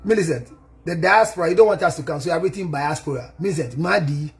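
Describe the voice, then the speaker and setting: An emphatic male counselor with a notably high voice delivers a speech of thanks and advice. He switches between languages as he talks and laughs readily at his own jokes. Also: fast.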